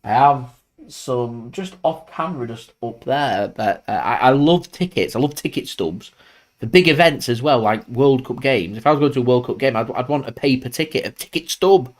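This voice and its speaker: A man's voice: mid-range voice, expressive, normal speed. A man hosting a live football watchalong stream from home, chatting loosely and reacting to the play as it happens. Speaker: football fan channel host. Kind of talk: live match watchalong commentary.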